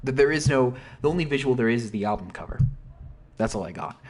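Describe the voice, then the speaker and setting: A man's voice: mid-range voice, expressive, fast talker. A man casually explaining an album's story in a rambling, self-interrupting way, with mild slang. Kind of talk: casual commentary.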